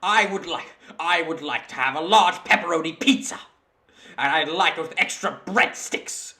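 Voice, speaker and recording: A man's voice: a little high, normal speed, pushed and bright. A man putting on a hammy polite British villain. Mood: mock menacing. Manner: theatrical, polite then threatening.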